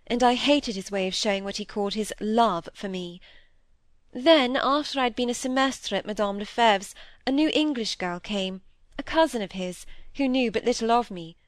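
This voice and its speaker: A woman's voice: a little high, dry recording, natural voice. Woman reading as a troubled, confessing young woman. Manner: earnest, regretful, rising to indignation. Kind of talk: audiobook reading of dialogue.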